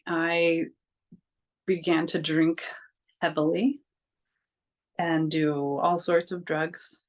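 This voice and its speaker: A woman's voice: low voice, flat delivery, drawn-out words. A young adult woman telling her own story in a vlog, candid and casual, with many fillers and frank swearing. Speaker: vlogger.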